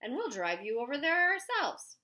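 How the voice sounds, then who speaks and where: Audiobook: woman voicing a gruff, suspicious male officer, loud and barking. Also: high-pitched, sing-song, moderate pace, pitched above the performer's own voice, exaggerated voice. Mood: stern. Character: stern bossy male small-town police officer.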